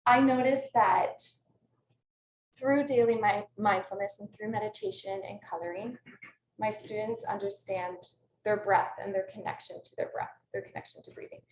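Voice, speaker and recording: A woman's voice: mid-range voice, steady tone, moderate pace. A woman who teaches kindergarten, giving an earnest, passionate talk to an audience over a video call. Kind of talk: presentation to an audience. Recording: echoey room, distant mic, faint noise.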